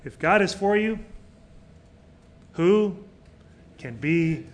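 A middle-aged male pastor preaching a sermon, swinging between loud emphatic peaks and quiet, soft passages. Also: high-pitched, expressive, extremely slow.

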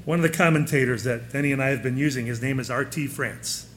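A man's voice: mid-range voice, fast, a little hiss or hum. A man preaching a sermon in a conversational way, often putting questions to his listeners.

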